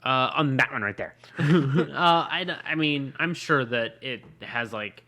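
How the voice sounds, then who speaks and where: A man co-hosting a casual tech podcast, rambling and leaning on "like" as he thinks out loud. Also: mid-range voice, lively intonation, measured pace. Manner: rambling, leans on "like" as a filler. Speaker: podcast co-host. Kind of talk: casual chat about tech gadgets.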